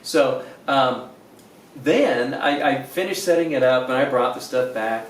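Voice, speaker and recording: A man's voice: mid-range voice, lively intonation, measured pace. A man casually telling how he met his wife, rambling and repeating words as he acts out what people said. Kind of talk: casual storytelling. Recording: roomy echo, distant mic.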